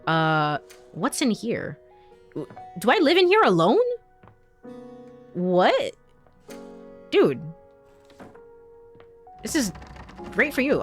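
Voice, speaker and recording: A woman's voice: medium pitch, wildly swooping pitch, extremely slow, pauses often, soft background music. A woman streamer giving casual gaming commentary, laughing often and stammering as she reacts. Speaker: let's play streamer.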